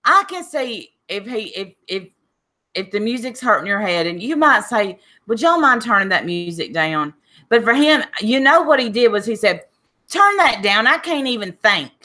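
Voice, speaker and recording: A woman co-hosting a casual chat show, animated and opinionated, acting out quotes as she talks. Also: medium pitch, moderate pace. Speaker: podcast co-host.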